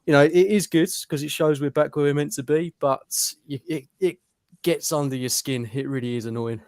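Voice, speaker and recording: A man's voice: fairly high pitch, fairly even intonation, fairly quick, darkish tone, smooth, no room sound. Guy ranting casually on a podcast, opinionated, dry sound. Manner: exasperated, opinionated. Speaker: podcast co-host. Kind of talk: casual football chat.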